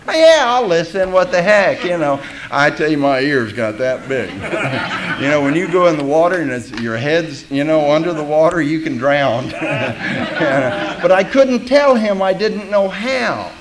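A man's voice: on the high side, a little slow, crowd noise, poor audio. A man giving a personal testimony at a recovery meeting, telling his story candidly and with self-mocking humor, acting out the voices of people he quotes.

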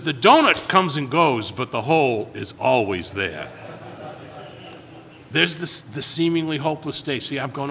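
A man's voice: medium pitch, animated, moderate pace, a bit bright, long reverb tail. A man in recovery telling stories at a meeting, rambling and repeating words as he acts out quotes in a casual way. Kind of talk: casual storytelling talk.

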